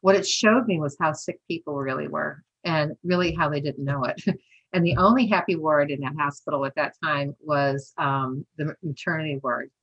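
Woman in her sixties, low-pitched voice, chatty storyteller, full of fillers and laughs, acts out dialogue. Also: moderate pace, husky, highs cut off. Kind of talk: casual storytelling.

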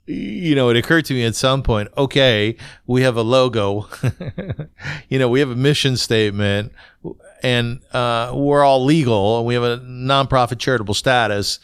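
Middle-aged male host, smooth clear voice, chatty blunt storyteller, dry close mic. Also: medium pitch, moderate pace, no room sound. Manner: conversational storyteller, frequent fillers and restarts, blunt. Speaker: podcast host telling his own story. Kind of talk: solo podcast monologue.

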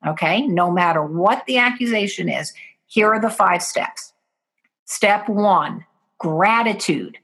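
A woman's voice: medium pitch, slow, fairly bright tone. A woman guest in an interview, earnestly explaining parenting steps and acting out what parents and children say.

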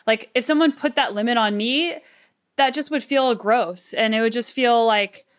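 A woman's voice: fairly high pitch, moderate pace. An American woman hosting an interview, chatting in an upbeat, enthusiastic way. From United States. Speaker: podcast host. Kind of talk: casual interview chat.

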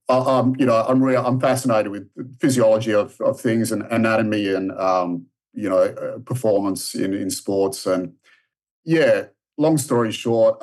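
A man's voice: fairly low pitch, darkish tone. An Australian man in his thirties, a guest telling a long story in a casual interview, full of restarts and fillers. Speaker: podcast guest, strength and conditioning coach.

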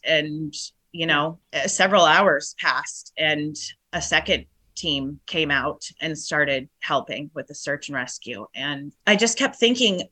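A middle-aged woman, shaken, telling a painful personal story in a halting way with many restarts. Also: low-pitched, pushed and bright. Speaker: guest.

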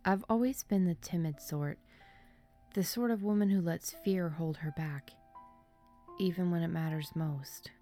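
Low-voiced woman narrating in a hushed whisper. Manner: hushed, breathy half-whisper. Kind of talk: spooky story reading.

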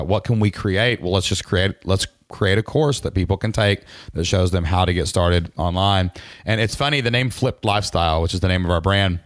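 A man with a very low voice tells his story with lively asides and plenty of fillers. He sounds like a guest on an interview podcast, and the recording is dry and close. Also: dry recording. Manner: chatty, animated storyteller full of fillers.

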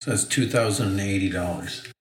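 A man's voice: deep voice, fairly quick. A man in casual podcast chat, dry and teasing, often laughing. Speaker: podcast guest.

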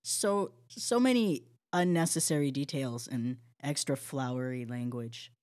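A woman's voice: very deep voice, measured pace, a little mellow. A woman co-hosting a casual true-crime chat, swearing freely and laughing often. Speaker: podcast co-host.

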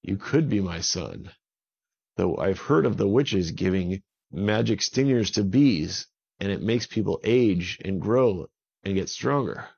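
A man's voice: deep voice, lively intonation, unhurried, gravelly, a little mellow, breathy edge, heavily acted. A man voicing a startled, worried father who urges his son to get help. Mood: urgent. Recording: dull lo-fi recording.

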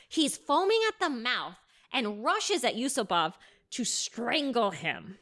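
A woman casually telling a history story to a co-host, animated and laughing often. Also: a little high. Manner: animated, laughing, acting out characters in quick asides.

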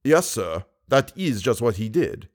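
The narrator, a man, gives a very animated audiobook performance of a grave older Persian guide, cautious and Persian-accented, whose speech is low, measured, and hushed.

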